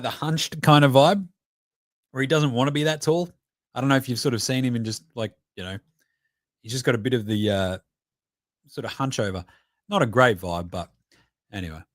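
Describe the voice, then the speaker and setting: An Australian man in his thirties reacting live as a host, profane and excitable, cheering and chanting at the screen between chatty stories. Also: medium pitch, no echo, clean studio sound. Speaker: podcast host.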